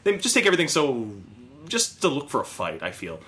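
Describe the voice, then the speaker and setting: A man's voice: a little high, wildly swooping pitch, a little fast, a bit bright. A man hosting a casual podcast, ranting and swearing freely. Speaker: podcast host.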